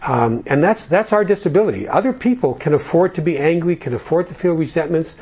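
A husky-voiced man talking to a recovery group, loose and conversational. He tells jokes and stories and keeps circling back with fillers. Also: a little high, expressive, brisk, darkish tone. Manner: conversational storyteller, jokey, with fillers. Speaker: recovery program speaker.

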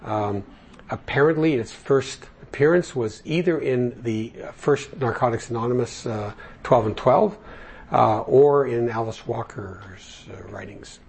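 A man's voice: medium pitch, a little slow, vocal fry, a little mellow, husky. An older man leading a group study, reading passages aloud and explaining them in plain words with asides. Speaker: recovery study group leader. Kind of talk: reading and commenting on a text.

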